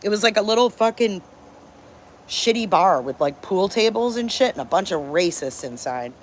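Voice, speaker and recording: A woman's voice: medium pitch, animated, normal speed, slight background noise. A woman in her fifties from Detroit, hosting a live stream and telling stories in a candid, profane, emphatic way. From Detroit, Michigan. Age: 50s. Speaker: channel host. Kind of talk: live-stream storytelling chat.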